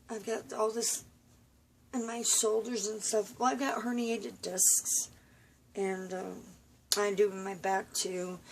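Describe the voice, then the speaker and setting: A tired woman rambling in a personal vlog from a room at home, halting and confiding, full of fillers and restarts. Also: mid-range voice, vocal fry, slight background noise. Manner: weary, confiding. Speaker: vlogger.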